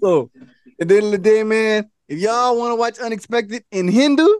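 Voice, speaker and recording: High-voiced, laughing podcast host. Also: male voice, moderate pace, clean tone, dry recording, clean studio sound. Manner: animated storyteller, laughs often. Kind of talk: casual podcast chat.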